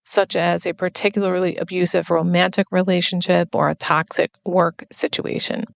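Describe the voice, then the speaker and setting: A woman's voice: fairly low pitch, creaky, no room sound. A woman hosting a podcast as a recovery coach, speaking in an earnest, explanatory personal monologue.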